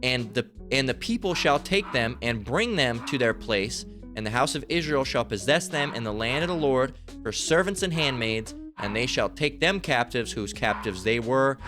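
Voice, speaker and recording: A man's voice: medium pitch, lively intonation, normal speed, hardly any pauses, over music. A man preaching a fiery, profane sermon, reading scripture aloud and often breaking off with "all right?" asides. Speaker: street-style preacher.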